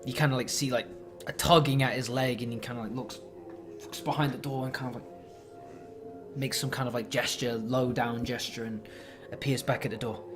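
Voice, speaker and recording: Game master, male, mid-pitched, casual rambling narration over a music bed. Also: steady tone, fairly quick. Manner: loose, filler-heavy narration. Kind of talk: narrating a horror tabletop game.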